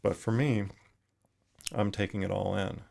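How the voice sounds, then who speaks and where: A middle-aged man, a retired firefighter, talking thoughtfully in a podcast interview, pausing and restarting often. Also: fairly low pitch, steady tone, creaky, a little mellow. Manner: thoughtful, halting with frequent restarts.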